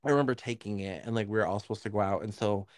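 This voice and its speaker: A man's voice: fairly low pitch, rapid-fire, a little mellow, no room sound, studio quality. A young man co-hosting a podcast, telling rambling stories in casual chat with lots of fillers and swearing. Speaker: podcast co-host.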